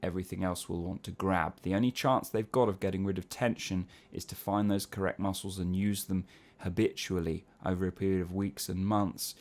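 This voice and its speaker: A man's voice: low voice, steady tone, brisk, darkish tone. A man teaching singing, explaining vocal technique patiently and breaking into short sung syllable exercises. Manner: explains patiently, often checks in with "yeah?". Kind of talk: spoken vocal lesson with sung demonstrations.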